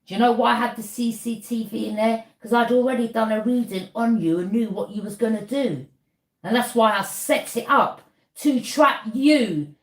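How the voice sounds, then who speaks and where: A woman in a roomy, echoing space, her voice sitting fairly high. She talks straight at her listener in a pointed, accusing way. She keeps jabbing "yeah?" at them as a challenge. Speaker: tarot reader. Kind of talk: confrontational monologue to camera.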